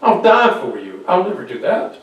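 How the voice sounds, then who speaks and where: A man's voice: sits high, huge pitch swings, moderate pace, pitched above the performer's own voice. A preacher voicing a frightened fisherman who protests and denies, recorded from a distance in an echoey church. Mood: protesting. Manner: protesting, defensive. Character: frightened male fisherman denying his friend. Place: church sanctuary. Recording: very echoey hall, distant mic.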